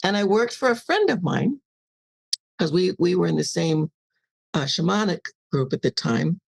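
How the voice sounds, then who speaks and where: A woman's voice: fairly low pitch, expressive, normal speed, creaky, breathy edge. An older woman, a podcast guest, telling a personal story in a casual interview and acting out the dialogue animatedly.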